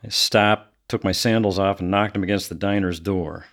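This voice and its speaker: An actor playing a brooding adult son who coldly recounts his killings in a flat tone, flaring into anger. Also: deep voice, normal speed. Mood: aggrieved. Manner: flat, cold storytelling with bursts of anger. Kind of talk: audio drama acting.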